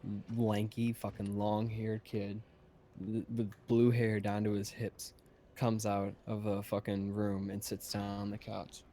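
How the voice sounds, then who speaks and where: Casting note: man, low flat gravelly voice, rambling storyteller with a foul mouth. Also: measured pace, a little hiss or hum. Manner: profane, rambling, laid-back. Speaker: podcast host. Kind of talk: casual storytelling.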